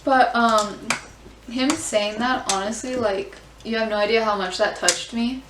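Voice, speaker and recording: A woman's voice: on the high side, normal speed, background noise. Candid young woman vlogging in a roomy space. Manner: expressive and candid, frequent swearing and "like". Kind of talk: casual reaction chat. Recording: roomy sound, mic at a distance.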